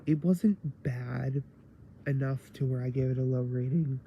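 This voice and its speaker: A man's voice: medium pitch, steady tone, a little slow, highs cut off, slight background noise. A man giving a rambling casual review of a TV episode, tired late at night and full of fillers.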